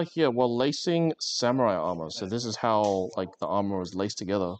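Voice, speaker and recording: A man's voice: fairly low pitch, expressive, moderate pace, few pauses. A man livestreaming while he crafts, chatting casually with viewers in a rambling, joking way with lots of fillers. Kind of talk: casual live-stream chat while crafting.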